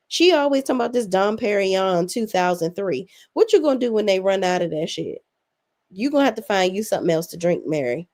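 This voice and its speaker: A woman's voice: mid-range voice, lively intonation, a little fast, a little mellow. A young adult woman hosting a casual recap, blunt, sassy and full of swearing. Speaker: reality TV recap host.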